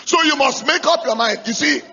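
Gravelly, high-pitched male preacher. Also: fairly quick, muffled recording. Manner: emphatic, rising to shouts to drive points home; asks the congregation rhetorical questions. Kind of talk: sermon.

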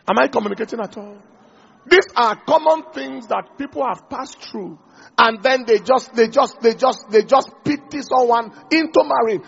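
Preacher, man, high gravelly voice, husky, on a dull lo-fi recording. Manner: preaching, engaging the congregation. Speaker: pastor. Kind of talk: sermon.

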